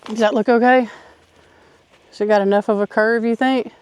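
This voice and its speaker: A woman's voice: a little high, steady tone, normal speed, darkish tone, a little hiss or hum. A woman chatting casually and enthusiastically while working in her yard, folksy and a little out of breath at times. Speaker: vlogger. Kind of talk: casual chat while gardening. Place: outdoors in a yard.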